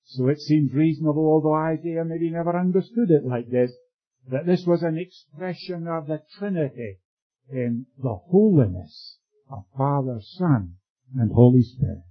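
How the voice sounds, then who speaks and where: A man preaching a sermon in a measured, emphatic way, asking rhetorical questions and answering them. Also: a little high. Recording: muffled lo-fi recording.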